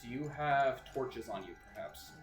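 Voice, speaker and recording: A man's voice: medium pitch, expressive, moderate pace. A man narrating as game master of a tabletop game, talking casually with fillers and restarts. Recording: roomy sound with music behind.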